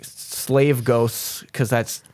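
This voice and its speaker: A man's voice: medium pitch, flat delivery, extremely slow, darkish tone. Man, podcast host, easygoing, frequent laughter, casual chat, reads notes aloud. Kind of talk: casual chat and reading ghost history.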